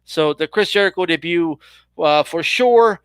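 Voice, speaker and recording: A man's voice: fairly high pitch, measured pace, fairly bright tone, clear, resonant tone, dry recording. A man co-hosting a casual wrestling talk, laid-back, often adding "bro" and "you know what I mean". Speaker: co-host. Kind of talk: casual chat.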